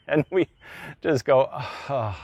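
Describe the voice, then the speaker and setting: Middle-aged pastor guy preaching, chatty storytelling, dry close sound, mid pitch. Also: expressive, slow, a little mellow, slightly rough, no echo, highs cut off. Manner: conversational storytelling, acts out quoted voices. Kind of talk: sermon.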